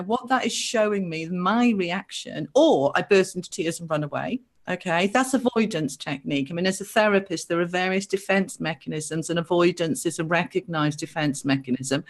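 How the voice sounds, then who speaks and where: Woman, therapist guest. Animated explainer, acts out quoted voices. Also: lowish voice. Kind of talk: explaining spiritual ideas on a live show.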